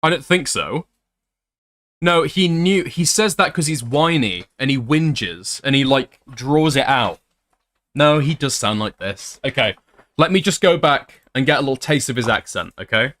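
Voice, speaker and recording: A man's voice: mid-range voice, expressive, a little slow, fairly bright tone. A man doing commentary as a YouTuber, reading screenshots aloud with blunt, sarcastic asides.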